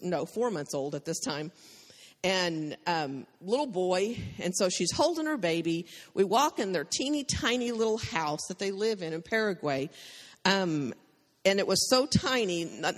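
A woman giving a church testimony, telling her story with emotion and frequent laughter. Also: lowish voice. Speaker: missionary speaker. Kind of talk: testimony sermon. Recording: long hall reverb.

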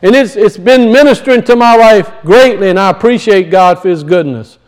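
A man's voice: high voice, a little fast, poor audio. A man preaching a sermon to a congregation, emphatic and repetitive, calling out to his listeners for a response.

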